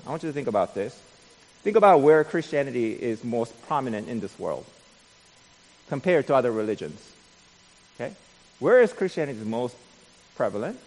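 A man preaching a sermon as pastor, peppering his points with "right?" and swinging from quiet musing to loud, emphatic delivery. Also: mid-range voice, big pitch swings, normal speed, big-room sound. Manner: frequent tag "right?".

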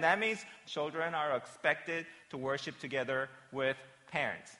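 Bright-voiced pastor in an echoing church. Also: male voice, on the high side, normal speed, few pauses. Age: 40s. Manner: chatty, checks in with "right?" and "okay?". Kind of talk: children's sermon. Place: church sanctuary during a worship service. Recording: long reverb of a church hall.

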